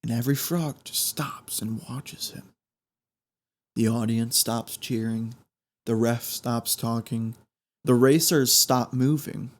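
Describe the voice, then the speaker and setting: A man hosting a podcast, telling a story in an animated way that builds suspense. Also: medium pitch, slow. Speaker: podcast host.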